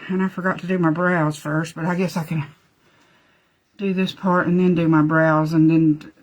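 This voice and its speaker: A woman's voice: low voice, little pitch movement, normal speed. A woman chatting folksily through a live makeup demo, talking to her dogs between steps.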